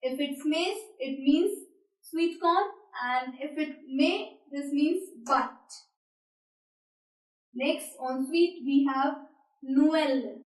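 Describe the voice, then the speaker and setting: Slow, high-voiced woman teacher, echoey room. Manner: slow and deliberate, repeating words. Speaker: French teacher. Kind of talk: beginner language lesson. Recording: roomy echo, mic at a distance.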